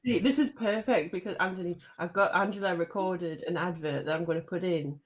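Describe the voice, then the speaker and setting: A woman hosting a podcast in casual chat, lively and quick to laugh. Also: fairly low pitch, a crowd in the background. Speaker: podcast host. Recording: noisy background.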